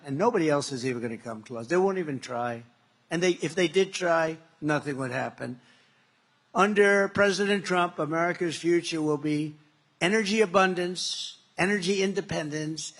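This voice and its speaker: A political candidate in his seventies gives a campaign rally speech at a factory, repetitive and boastful, conversationally retelling past conversations. His voice is a little high and a bit bright.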